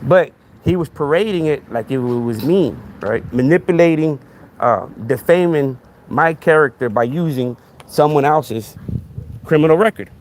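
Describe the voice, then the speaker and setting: A man's voice: fairly high pitch, animated, measured pace, a little hiss or hum. A man hosting a podcast in a casual monologue, talking emphatically, repeating himself and asking "right?" again and again. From Texas. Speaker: podcast host.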